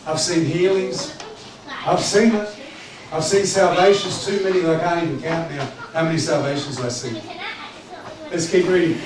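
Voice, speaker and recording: A man preaches with lively, joking, conversational energy, his voice sitting a touch high. He is heard from a distance in a very echoey church hall with clear background noise. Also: a little fast, a crowd in the background. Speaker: pastor. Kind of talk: sermon.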